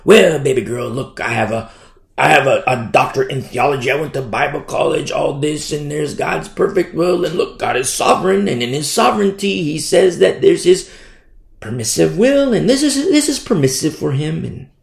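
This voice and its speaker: A man's voice: on the high side, animated, normal speed, vocal fry. A man putting on a smug, rambling churchgoing parent in a mocking tone. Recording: echoey room.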